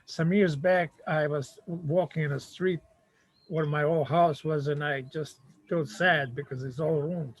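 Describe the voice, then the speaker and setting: An older man from Montenegro with a Montenegrin accent, speaking halting non-native English in a casual chat and acting out the voices of the people in his stories. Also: a little high, fairly even intonation, poor audio. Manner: halting non-native English, acts out quoted voices while telling a story.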